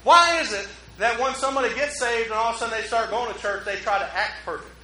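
A man preaching a relaxed, conversational sermon as pastor, joking at his own expense and drawing in the congregation. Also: very high voice, quick pace, a little hiss or hum. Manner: joking, self-mocking, talks with the congregation. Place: church. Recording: roomy hall echo.

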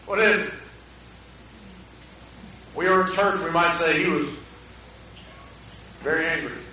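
A pastor preaching a sermon in a conversational way, often putting questions to the congregation, in a church sanctuary. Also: male voice, on the high side, measured pace, pushed and bright, a little hiss or hum. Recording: echoey hall, mic at a distance.

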